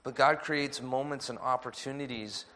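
A man preaching a sermon as pastor, measured and earnest. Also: medium pitch, fairly even intonation, sharp tone.

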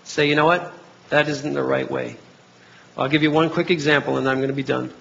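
Middle-aged male pastor, animated sermon delivery, gravelly tone, muffled lo-fi recording. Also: medium pitch, a little fast, slight background noise. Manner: animated, acts out dialogue in voices. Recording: dull lo-fi recording.

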